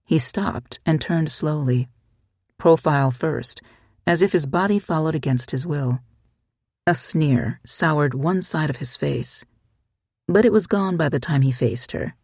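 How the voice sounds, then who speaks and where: Husky audiobook narrator. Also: mid-range voice, unhurried, darkish tone, dry recording, studio quality. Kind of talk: scripted narration.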